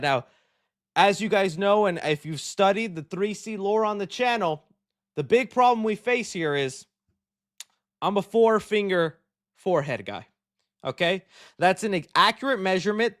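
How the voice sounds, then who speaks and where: Excitable high-voiced young man host. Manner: excitable, jokey, rambling. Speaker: show host. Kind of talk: casual chat.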